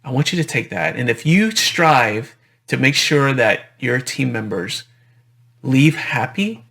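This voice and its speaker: A dentist giving a conversational conference presentation, often repeating phrases and adding "right?" tags. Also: male voice, mid-range voice, very animated, unhurried, creaky, bright, forceful tone.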